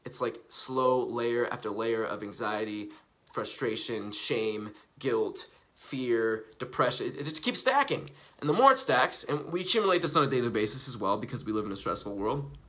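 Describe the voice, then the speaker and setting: Animated, profane young man live streaming. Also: mid-range voice, normal speed. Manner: animated and profane, swings from loud to hushed; rambling, repeats himself. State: coughing from recently quitting smoking. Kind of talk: casual live stream talk.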